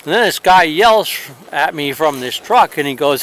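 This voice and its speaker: A man's voice: on the high side, moderate pace, a bit bright, slight background noise. A man traveling on horseback, talking outdoors in a rambling, hesitant, wry way for his travel diary. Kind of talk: casual spoken travel diary.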